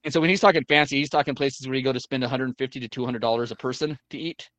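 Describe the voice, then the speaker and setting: A man's voice: medium pitch, rapid-fire, a bit bright, no echo. A man telling a long story in casual chat, rambling with many fillers and restarts and the odd swear word.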